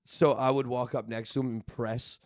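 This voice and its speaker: A man's voice: medium pitch, steady tone, measured pace, no room sound, clean studio sound. Easygoing young man joking along. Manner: laid-back, laughing and joking along. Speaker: podcast co-host. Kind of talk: casual storytelling chat. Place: podcast studio. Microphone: studio microphone.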